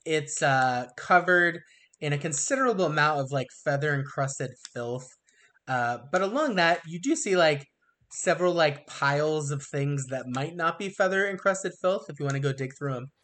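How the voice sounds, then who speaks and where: A man's voice: a little high, normal speed. Man running a tabletop game. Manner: relaxed, descriptive, with fillers. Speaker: game master.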